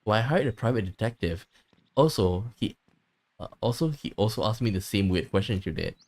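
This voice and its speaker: A man's voice: fairly low pitch, lively intonation, a little fast, a little mellow, close to an everyday voice. A man reading aloud the lines of a bitter, possessive mother in a game, grieving her missing son and lashing out. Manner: resentful, lashing out in grief.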